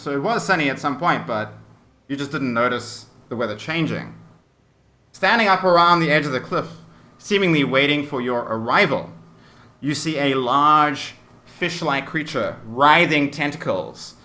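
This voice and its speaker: A man's voice: on the high side, bright, forceful tone. A man narrating a tabletop game as game master, descriptive and full of fillers. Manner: descriptive, hesitant with many fillers.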